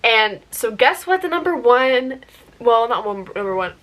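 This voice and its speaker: A beauty vlogger with a high, sing-song, fairly bright voice chats unhurriedly while doing her makeup. She's playful, wanders off on tangents, and asks rhetorical "guess what" questions.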